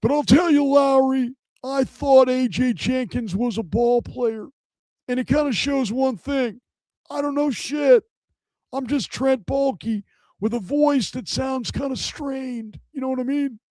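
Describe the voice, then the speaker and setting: A man's voice: very high-pitched, measured pace, mellow, no room sound, pitched above the performer's own voice. A man doing a comic impression of a male football executive with a strained voice, rambling through a self-mocking confession. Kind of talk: comic impression on a live show.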